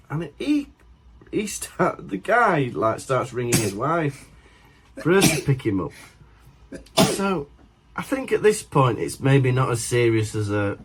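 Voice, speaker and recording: A man's voice: medium pitch, slight background noise. A young man telling a funny anecdote on a podcast, often laughing as he talks. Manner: animated anecdote-telling, laughs through his story. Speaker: podcast co-host. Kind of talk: casual storytelling chat.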